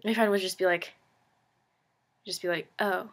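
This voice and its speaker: A woman's voice: fairly low pitch, fairly even intonation, moderate pace. Chatty teen girl saying "like" constantly. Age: late teens. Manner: says "like" constantly, rambling, self-deprecating; frank, sarcastic asides. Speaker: vlogger. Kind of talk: casual confessional monologue.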